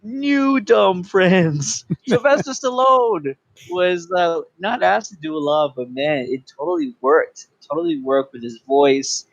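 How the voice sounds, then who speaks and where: A man's voice: on the high side, moderate pace, hardly any pauses, dry recording. A man co-hosting a casual movie review podcast, talking with enthusiasm and acting out lines in funny voices. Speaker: podcast co-host. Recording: dry dull lo-fi sound.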